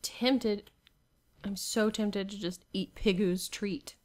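Young woman playing a game and grumbling to herself, laughs a lot, mid-pitched voice. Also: fairly even intonation, slow pace, a little mellow. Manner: exasperated, talks to herself, laughs often. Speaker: gamer. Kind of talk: Minecraft gameplay commentary.

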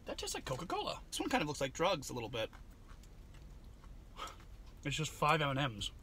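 A man's voice: medium pitch, lively intonation, moderate pace, sharp tone, a little hiss or hum. A man doing a goofy, sarcastic snack taste-test vlog, often slipping into silly bits. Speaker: vlogger.

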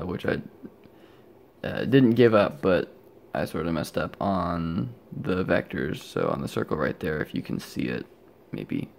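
A man's voice: sits low, gravelly, a little mellow, slight background noise. A young man rambling casually about his electronics build, sleepy and often stopping himself mid-thought, recorded on a handheld camera at home. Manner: rambling, self-interrupting, sleepy and yawning. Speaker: electronics hobbyist vlogger. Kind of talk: rambling casual show-and-tell.

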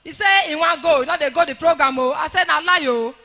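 A woman's voice: sits high, fast. Nigerian woman giving an echoey church testimony. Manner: emotional, rising to shouts of praise.

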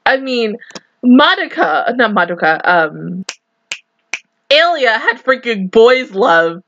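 A woman's voice: on the high side, big pitch swings, slow pace, a bit bright, muffled recording, a little hiss or hum. A young woman hosting an anime reaction, gushing and giggling through casual commentary full of "like" and "oh my god".

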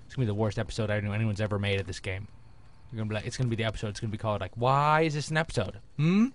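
A man's voice: lowish voice, a little hiss or hum. A young man commentating his gameplay in a jokey, rambling way with frequent exclamations. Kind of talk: let's play commentary.

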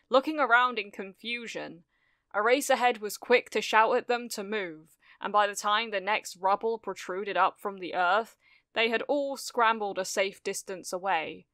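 Woman reading fan fiction out loud, steady measured narration, smooth clear voice, dry close mic. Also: medium pitch, no room sound. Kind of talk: scripted narration.

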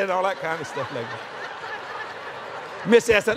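A man's voice: sits high, very animated, normal speed, a loud crowd, heavy background noise. A male preacher with a Cajun Louisiana accent, telling folksy, joking stories in a sermon and laughing often. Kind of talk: sermon storytelling.

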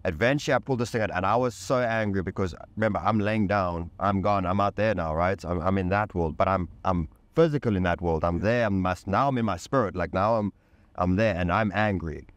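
Deep-voiced man telling an intense story. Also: brisk, dry recording. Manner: intense and emphatic, casual slang and swearing. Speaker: podcast guest. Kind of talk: candid personal storytelling in conversation.

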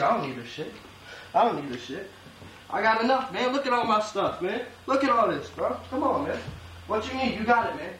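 High-voiced man ranting profanely outdoors. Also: fairly bright tone. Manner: profane rambling rant, peppered with "man" and "bro". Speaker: clothing designer. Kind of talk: comic mock-documentary rant. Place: outdoors at a tent campsite. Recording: noisy outdoor recording.

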